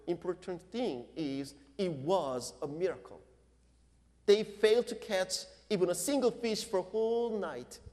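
Slow-preaching pastor, high voice. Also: male voice, darkish tone. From Korea. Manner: slow, deliberate preaching with non-native English phrasing. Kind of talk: sermon. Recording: long reverb of a large hall.

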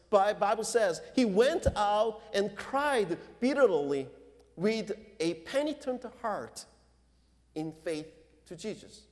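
A male pastor from Korea with a high voice delivers a sermon, preaching slowly and deliberately in non-native English phrasing. The recording carries the long reverb of a large hall.

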